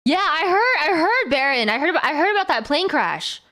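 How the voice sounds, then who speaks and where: A woman streamer in casual live-stream chat who talks in a giggly, animated way and laughs often. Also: high-pitched, brisk.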